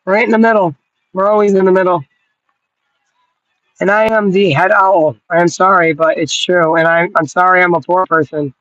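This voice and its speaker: A woman's voice: mid-range voice, dry recording, lo-fi sound. A woman vlogging from her yard in a loose, rambling way, cooing at dogs and swearing casually. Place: outdoors in a yard.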